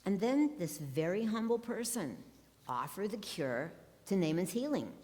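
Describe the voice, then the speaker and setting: A woman's voice: medium pitch, sing-song, measured pace, dark tone. A woman pastor preaching a sermon from the pulpit, with wry, sarcastic asides. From Ohio. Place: church sanctuary. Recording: long church reverb.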